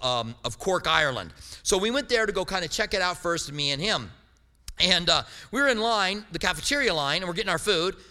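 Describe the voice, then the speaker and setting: A man's voice: on the high side, bright, forceful tone, big-room sound. A middle-aged man preaching as a pastor, telling stories with humor and animation. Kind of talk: sermon.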